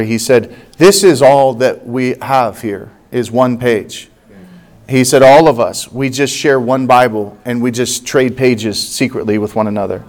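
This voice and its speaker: A man in his forties from the United States, a pastor telling a personal story in a sermon, animated and acting out the dialogue. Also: mid-range voice.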